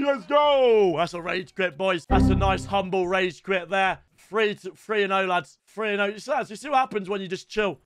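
A young man, commentating casually on his own gameplay during a live stream and calling out to his viewers. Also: high voice. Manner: excitable, shouts at goals, addresses viewers as lads. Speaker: gaming streamer.

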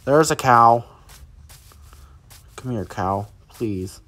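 A man's voice: medium pitch, lively intonation, drawn-out words, fairly bright tone, a little hiss or hum. A man giving live commentary as he plays a survival game, chatting to viewers and reacting aloud as things happen. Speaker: let's play gamer.

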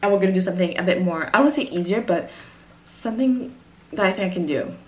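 A woman's voice: fairly low pitch, lively intonation, fast talker, a little mellow. A woman, talking casually to camera about arranging music, rambling and interrupting herself. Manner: rambling, chatty, self-interrupting. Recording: roomy echo.

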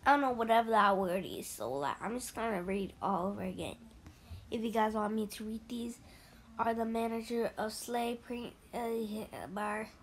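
A woman hosting an ASMR mobile game playthrough, speaking softly and sometimes whispering as she reads the game chat aloud. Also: a little high, normal speed, a little hiss or hum. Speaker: ASMR channel host.

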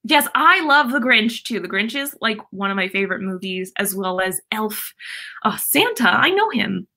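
Bright-voiced giggly young woman streamer. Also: mid-range voice, moderate pace. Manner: chatty, giggly, lots of "like" and "um" fillers. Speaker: live-stream host. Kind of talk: casual live-stream chat reading viewer comments.

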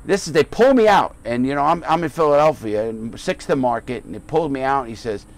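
A middle-aged man hosting a podcast, telling stories in a casual, profane, animated way and acting out other people's voices. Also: medium pitch, fast. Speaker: podcast host. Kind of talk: casual storytelling chat.

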